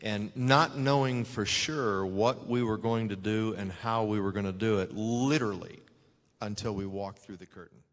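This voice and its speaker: A former wrestler answering interview questions in a measured way, with hesitations. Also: male voice, fairly low pitch, long reverb tail.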